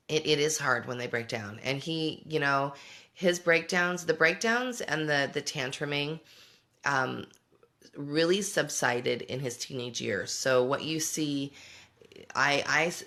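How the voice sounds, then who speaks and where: Woman, middle-aged, casual livestream host, vocal fry, reflective, answering comments. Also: very deep voice, fairly bright tone. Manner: reflective, answers viewer comments as she goes. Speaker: homeschooling parent and show host.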